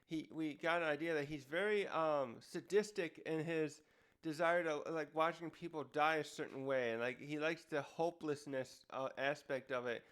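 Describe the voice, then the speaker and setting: A man hosting a casual review who rambles and keeps restarting his sentences. His voice sits a bit high for a man. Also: fairly even intonation, normal speed, fairly bright tone, smooth. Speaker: host.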